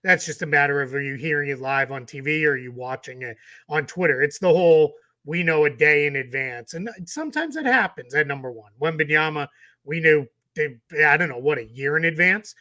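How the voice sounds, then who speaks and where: Man, Boston accent, tired, bright ringing voice, rambling podcast co-host. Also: on the high side, a little fast. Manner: chatty, rambling with restarts. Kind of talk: casual sports podcast chat.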